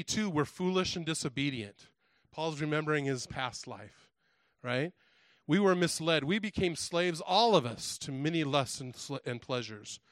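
Guy preaching a sermon, kinda high voice, talks to the crowd w lots of questions and restarts, dry sound. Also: a bit bright, dry recording. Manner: conversational preaching with repeated restarts and direct questions. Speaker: pastor.

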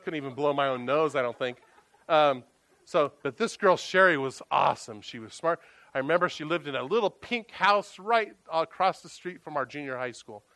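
A man preaching a sermon, telling stories in a conversational, animated way. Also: a little high, moderate pace, no room sound. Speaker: pastor.

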